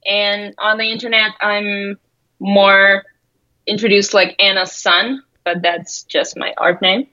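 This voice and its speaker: A woman's voice: medium pitch, little pitch movement, takes it slowly, bright, forceful tone, highs cut off. Woman, guest. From Russia. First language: Russian. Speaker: guest, graphic designer. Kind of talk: casual interview.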